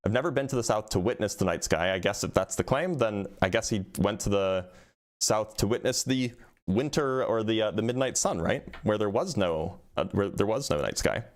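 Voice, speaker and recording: A man's voice: lowish voice, lively intonation, moderate pace. A man hosting a live debate stream, talking casually with lots of fillers and restarts. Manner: casual, hesitant, many fillers.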